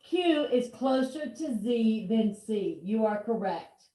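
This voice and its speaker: A woman's voice: a little high, animated, takes it slowly, mellow. A woman teaching a reading lesson over a video call, giving playful, encouraging instructions. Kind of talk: virtual one-on-one lesson. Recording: roomy echo.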